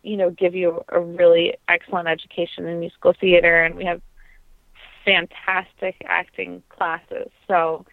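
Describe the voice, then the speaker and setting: Earnest young woman, gravelly, phone-like sound. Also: lowish voice, flat delivery, moderate pace, no echo. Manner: thoughtful, earnest, many ums and restarts. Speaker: interview guest, trained singer. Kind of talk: reflective conversational interview. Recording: dry, tinny phone-like line.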